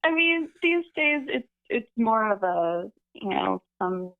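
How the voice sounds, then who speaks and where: A woman's voice: a little high, big pitch swings, slow. A woman calling in to a live stream, chatting with wry, dry humor. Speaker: caller. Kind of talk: call-in chat. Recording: tinny phone line.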